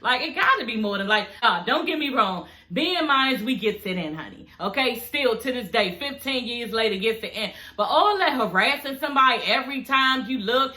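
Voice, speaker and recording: A woman's voice: fairly high pitch, expressive, normal speed, hardly any pauses, sharp tone, reverberant. A woman giving casual, sassy, profane reaction commentary on a reality show, talking straight to her viewers. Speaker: vlogger reviewing a reality show.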